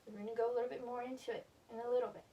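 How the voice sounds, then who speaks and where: Young woman teacher, kinda high voice, encouraging, picked up far off across a classroom. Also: level tone, lo-fi sound. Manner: encouraging, slow and deliberate at the board. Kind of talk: classroom grammar lesson. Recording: distant camera with faint room noise.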